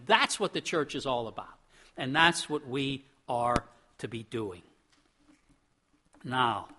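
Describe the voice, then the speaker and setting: A man's voice: a little high, bright, forceful tone. A middle-aged male pastor preaching a sermon in a conversational, storytelling way, with chuckles.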